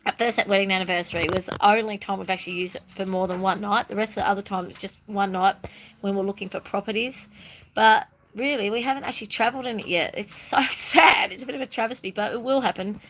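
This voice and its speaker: A bubbly woman chatting on camera in a loose, rambling monologue. Her voice sits in a middle pitch, and now and then she breaks into playful sing-song bursts. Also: steady tone, fast, rough recording. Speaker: spiritual vlogger. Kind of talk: casual monologue.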